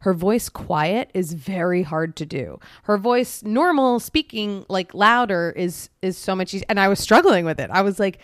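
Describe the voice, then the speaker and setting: A woman co-hosting a podcast, telling stories in an animated, casual way and saying "like" often. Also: mid-range voice, moderate pace, hardly any pauses, dry recording, clean studio sound. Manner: animated storyteller, heavy use of "like". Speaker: podcast co-host. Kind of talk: casual chat.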